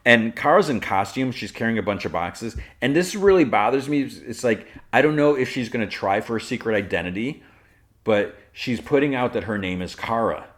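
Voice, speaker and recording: A man's voice: medium pitch, expressive, normal speed. A man hosting a podcast, recapping an episode in a casual, rambling way with lots of fillers and restarts. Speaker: podcast host.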